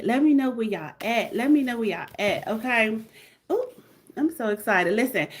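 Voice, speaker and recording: Brief: hyped woman host, repetitive livestream sales pitch, voice a touch high. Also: a bit bright. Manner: repetitive, hyped, call-and-response. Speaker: livestream host selling a membership.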